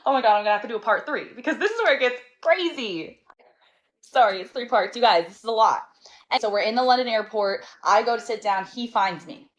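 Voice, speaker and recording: Woman, higher register, sassy and animated storyteller, chatty delivery. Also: brisk, rough recording. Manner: animated, sassy, exasperated, laughs between lines. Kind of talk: casual storytime monologue.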